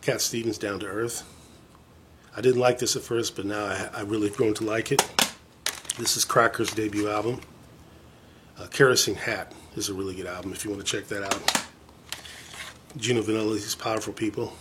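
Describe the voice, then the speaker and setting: A man with a lowish voice talks to his viewers in a loose, rambling vlog style. He sounds eager and pokes fun at himself. A faint hiss of noise sits under the recording. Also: steady tone, moderate pace, pauses often. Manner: rambling, enthusiastic, self-deprecating. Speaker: vlogger showing his record collection. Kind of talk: casual chat to camera.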